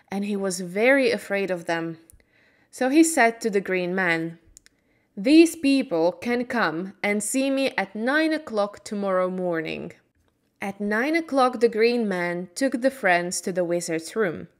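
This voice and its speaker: A woman reading an English storybook slowly and clearly for learners. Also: medium pitch. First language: Slovak. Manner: slow, clear, careful. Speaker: English teacher reading aloud.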